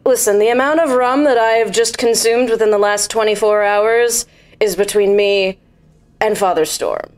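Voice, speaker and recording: A woman's voice: medium pitch, normal speed, lightly acted. A woman voicing a brash, hard-drinking female sylph sky pirate who teases everyone. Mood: boozy swagger. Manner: sassy and teasing.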